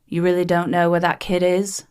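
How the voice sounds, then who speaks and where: A man's voice: high-pitched, monotone, moderate pace, a little mellow, smooth, natural voice. A woman voicing a hard-drinking aging male club owner who asks blunt, probing questions. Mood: gruff.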